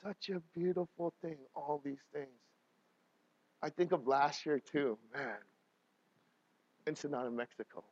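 A man's voice: mid-range voice, dry recording. Emotional man pastor, dry muffled sound. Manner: emotional, swings from quiet to loud and laughing. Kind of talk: personal storytelling sermon.

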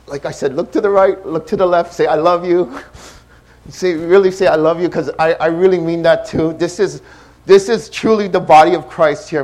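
A man preaching a sermon as pastor, impassioned, shifting between hushed and loud delivery. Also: fairly high pitch.

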